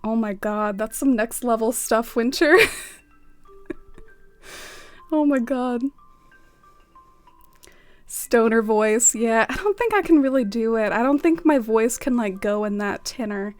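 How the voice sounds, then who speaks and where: A young woman live-streaming a game, talking casually and giggling with her chat. Her voice sits slightly high, her speech is sprinkled with "like", and faint music plays behind her. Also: lively intonation, a little slow, long pauses, no room sound. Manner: bubbly, giggly, lots of "like".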